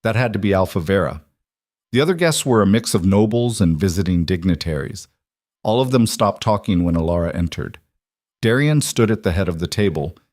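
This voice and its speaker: A man reading scripted audiobook narration in a measured, even storytelling manner. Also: low-pitched, no room sound, studio quality.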